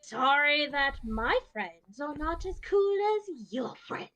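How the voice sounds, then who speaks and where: A woman's voice: high-pitched, lively intonation, slow, sharp tone. A woman playing in a tabletop role-playing game, rambling and giggly. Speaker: player. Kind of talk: tabletop role-play chat.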